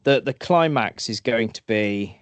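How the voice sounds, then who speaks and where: A man from East Anglia hosting a podcast, playful and quick to laugh, who moves into storytelling narration. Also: mid-range voice, expressive, smooth, no room sound. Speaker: podcast host. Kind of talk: casual chat and storytelling narration.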